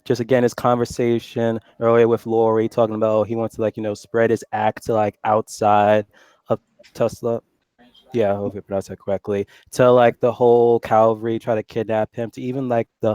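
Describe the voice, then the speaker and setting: A man joining a casual show discussion as a panelist, measured and thoughtful, using lots of fillers. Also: lowish voice, mellow, clear, resonant tone, no room sound. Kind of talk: casual discussion on a video call.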